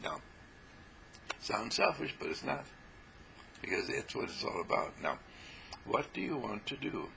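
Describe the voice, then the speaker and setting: A man with a strongly gravelly voice gives a spiritual talk to a small group. His tone is forceful and swings widely in pitch as he acts out little scenes. He laughs often along the way. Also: big pitch swings, measured pace, pauses often, a little hiss or hum, poor audio. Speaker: spiritual teacher.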